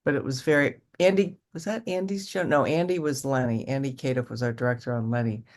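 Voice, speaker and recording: Chatty older actress telling stories. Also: female voice, very deep voice, steady tone, brisk, a little mellow. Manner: chatty, rambling with restarts and acted-out quotes. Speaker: actress guest. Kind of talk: casual interview storytelling.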